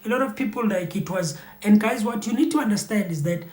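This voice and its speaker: A man's voice: high-pitched, lively intonation, a little fast, a little mellow, roomy sound. A man giving loose, rambling commentary to his viewers, full of fillers and repeated phrases. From South Africa. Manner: rambling, repetitive, heavy with fillers. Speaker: YouTube commentator. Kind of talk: casual spoken commentary to viewers.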